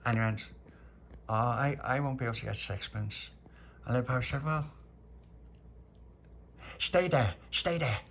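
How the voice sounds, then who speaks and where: A man telling a rambling childhood story, raising his pitch for the children's lines. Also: normal speed, vocal fry, pauses often, a bit bright, slight background noise. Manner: chatty, rambling, acts out children's voices in a raised pitch. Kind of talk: spoken storytelling of a childhood memory.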